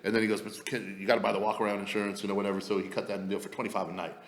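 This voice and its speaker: A fast-talking man with a gravelly edge to his voice, spinning profane stories on a casual podcast. He acts out the other people with animated quoted voices. Long reverb hangs on the recording. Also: fairly low pitch. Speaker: podcast co-host telling stories. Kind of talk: casual storytelling chat.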